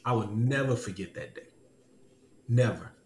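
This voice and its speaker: Here a male podcast host with a mid-range, somewhat dark voice speaks at normal speed, laughing often and repeating lines while animatedly telling a personal story. Slight background noise sits under this casual testimony chat, recorded in an echoey room with faint ambience.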